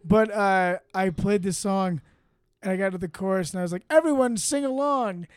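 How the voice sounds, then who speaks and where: Guy comic w a high smooth voice, swears a lot, tells stories fast and loose, dry close mic. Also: dry recording. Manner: animated storyteller, swears freely, laughs often. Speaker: comedian podcast host. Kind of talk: casual chat.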